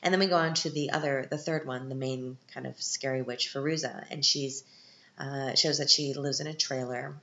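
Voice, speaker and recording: A woman with a very deep, gravelly voice chats through a casual film recap, candid and wry. The sound is roomy and a bit dull and lo-fi. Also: steady tone, moderate pace, bright, forceful tone. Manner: chatty, candid, sarcastic asides. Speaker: podcast host. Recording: echoey, dull lo-fi room.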